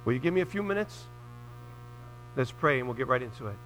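A middle-aged male pastor preaching a sermon earnestly, rising loud when he quotes scripture. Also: medium pitch, lively intonation, fast talker, slight background noise, low-quality recording.

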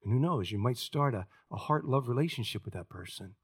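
A man's voice: mid-range voice, animated, a little fast, breathy edge. An older man, a pastor, preaching a sermon in a conversational storytelling way, with frequent restarts. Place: church.

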